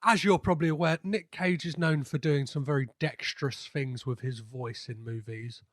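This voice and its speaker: A man's voice: medium pitch, steady tone, normal speed. A man hosting a podcast, chatting casually and rambling with lots of fillers and restarts. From half Greek. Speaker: podcast host. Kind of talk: casual interview chat.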